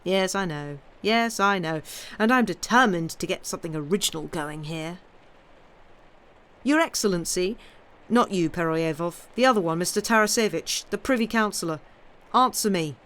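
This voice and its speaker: A woman's voice: lowish voice, animated, normal speed, a bit bright. A woman voicing a dissolute young male baron with an impertinent, fashionably weary delivery. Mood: impudent.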